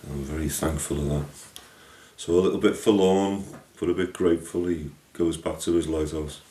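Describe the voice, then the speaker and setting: A man narrating a folk tale in a lively, homely way, his voice very deep and dark. He sounds a little distant from the mic, in a room with a clear echo. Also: normal speed. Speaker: storyteller. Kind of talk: storytelling narration.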